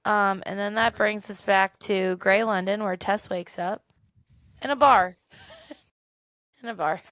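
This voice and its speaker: A woman co-hosting a podcast, chatting casually and retelling events in an animated way with frequent laughs. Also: medium pitch, slow, dry recording, studio quality. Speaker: podcast co-host. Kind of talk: casual book-club chat.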